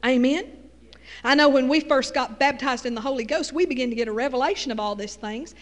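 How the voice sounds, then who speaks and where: A woman's voice: high-pitched, a little fast, in a large hall. A middle-aged woman with a Texas Southern accent, preaching a folksy sermon with call-and-response asides.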